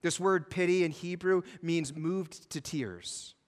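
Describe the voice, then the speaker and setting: Man, pastor, preaching a sermon, impassioned, slightly high voice. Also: slow pace, big-room sound. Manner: impassioned, rising to intense fervor; drops to hushed, reflective tone.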